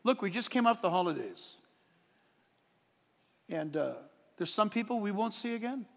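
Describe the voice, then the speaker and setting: A man preaching a sermon as pastor, emphatic and swinging from hushed asides to shouted points, with a stage microphone in a church sanctuary. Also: sits high, expressive, moderate pace, creaky. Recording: long hall reverb.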